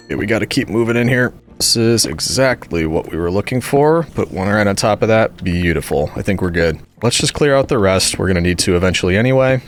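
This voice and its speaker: A man's voice: fairly low pitch, quick pace, few pauses. A man giving casual gameplay commentary as host, chatty and talking back to the monsters he meets. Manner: chatty, talks back to the monsters, swings between calm and exasperated. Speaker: gaming video host.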